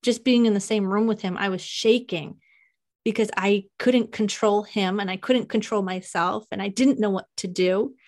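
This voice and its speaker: Young woman, podcast host, personal story, halting, emotional, mid-range voice. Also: medium pitch, steady tone, darkish tone.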